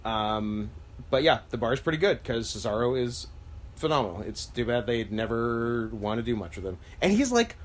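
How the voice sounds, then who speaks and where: A man co-hosting a casual chat podcast. He rambles through his points, laughing often. His sentences drift lower and quieter as they trail off. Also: sing-song, normal speed. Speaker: podcast co-host.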